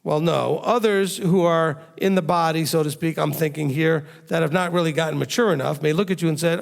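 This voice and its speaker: A man's voice: a little high, steady tone, a little fast, gravelly, few pauses. A man preaching a sermon as a rabbi, emphatic and firing rhetorical questions at his listeners. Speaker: rabbi teaching a congregation.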